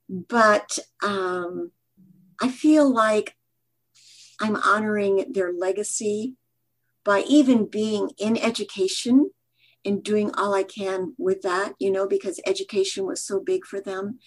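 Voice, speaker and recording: An older woman from Michigan, a podcast guest, answering thoughtfully with pauses and fillers. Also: mid-range voice, fairly even intonation. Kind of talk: reflective podcast interview.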